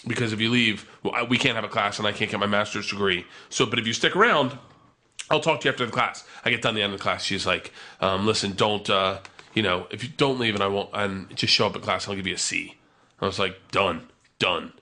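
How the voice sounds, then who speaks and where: A man in his thirties telling a comic story, animated and profane, acting out the voices of the people in it. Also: fairly low pitch, quick pace. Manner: animated, profane, acts out quotes.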